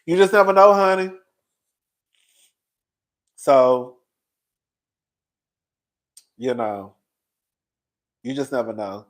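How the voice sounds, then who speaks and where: A man in his forties hosts his own channel and chats straight to his audience. His voice sits at a middling pitch, and he talks in a sassy, gossipy way. He wears his emotions openly. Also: very animated, drawn-out words, long pauses. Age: 40s. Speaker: commentary channel host. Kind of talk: casual livestream chat.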